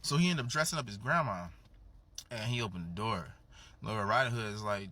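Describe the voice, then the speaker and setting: A man casually telling a comedic story at home, profane and slangy, acting out the characters' lines with big jumps in pitch. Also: lively intonation, brisk, sharp tone. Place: home with a dog in the back.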